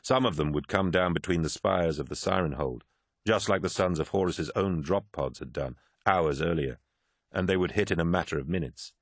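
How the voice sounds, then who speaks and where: A man reading a war novel aloud as an audiobook narrator, in measured, grave storytelling. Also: low-pitched, dry recording, clean studio sound. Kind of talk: scripted narration.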